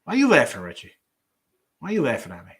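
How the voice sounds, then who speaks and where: A man's voice: a little high, huge pitch swings, fast, a bit bright. A middle-aged man hosting a sports betting show, talking casually in a rambling way with lots of fillers and restarts.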